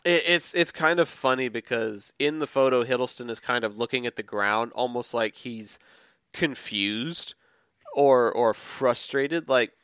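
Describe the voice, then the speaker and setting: Smooth-voiced man musing. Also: mid-range voice, fairly bright tone, dry recording. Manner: measured, thoughtful, hesitant. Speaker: podcast co-host. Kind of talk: casual chat.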